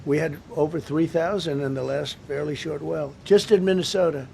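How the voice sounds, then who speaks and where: A man with a somewhat raised, gravelly voice talks off the cuff at a press briefing. He rambles, circles back and repeats points for emphasis, with a faint hiss of noise behind him. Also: on the high side, fairly even intonation, brisk, mellow.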